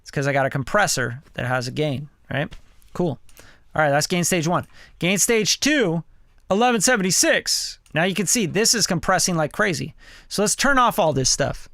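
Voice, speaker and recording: A man's voice: on the high side, expressive, normal speed, a bit bright, no echo. A man hosting a casual hands-on studio lesson, talking loosely and conversationally as he runs mic checks on his vocal chain. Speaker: studio engineer and host. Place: home recording studio. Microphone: studio vocal mic through preamp and compressor.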